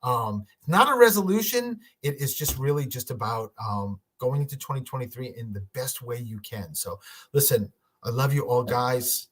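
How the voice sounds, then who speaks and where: A man's voice: medium pitch, animated, normal speed, slight background noise. A man doing a casual livestream reading for his viewers, chatty and rambling, with lots of restarts and fillers. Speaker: medium, livestream host.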